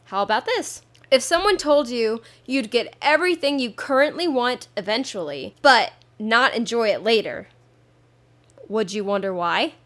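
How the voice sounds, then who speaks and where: A woman's voice: on the high side, expressive, moderate pace, a bit bright. A woman in her twenties hosting a solo podcast, talking candidly and playfully, often swapping curse words for spoken bleeps. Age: 20s. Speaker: podcast host. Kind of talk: casual solo podcast monologue.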